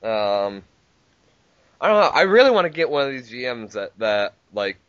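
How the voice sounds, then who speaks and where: A man's voice: medium pitch, very animated, moderate pace, a bit bright, clear, resonant tone, dry recording, lo-fi sound. A man co-hosting a casual sports podcast, loose and crude in how he talks. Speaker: podcast co-host. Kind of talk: casual chat.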